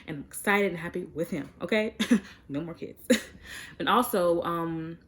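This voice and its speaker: A woman's voice: lowish voice, normal speed. A young woman talking frankly and chattily to her viewers in a casual vlog, with plenty of fillers. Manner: chatty and direct, many fillers. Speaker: vlogger. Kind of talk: frank casual chat to camera.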